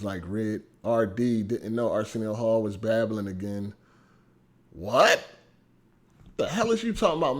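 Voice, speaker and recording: A man chatting casually on a gaming stream, animated and profane, laughing often and swinging from loud bursts to mumbles. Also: mid-range voice. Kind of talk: casual livestream chat.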